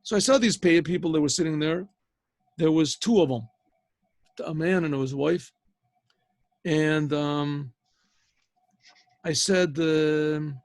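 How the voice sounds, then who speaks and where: Gravelly older rabbi telling a story. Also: male voice, fairly high pitch, takes it slowly, long pauses, no echo. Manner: rambling, animated retelling. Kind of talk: storytelling over a video call. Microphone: video call.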